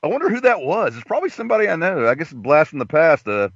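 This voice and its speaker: A man hosting a call-in show, telling stories in a crude, excitable way. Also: fairly high pitch, very fast, no echo, highs cut off. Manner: crude, excitable, laughing storyteller. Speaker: host. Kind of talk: casual chat.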